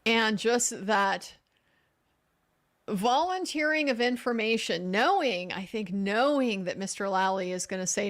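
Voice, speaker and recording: A woman's voice: mid-range voice, expressive, measured pace, fairly bright tone. A middle-aged woman hosting a live legal commentary stream, giving frank opinions with frequent restarts. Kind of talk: casual live commentary reading viewer comments.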